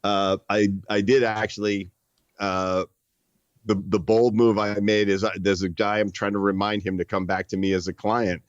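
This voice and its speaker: A guest author from the northern United States speaks in a casual interview with a fairly low, level, clean-toned voice. His talk is halting and full of restarts and fillers. The audio is dull, with no echo.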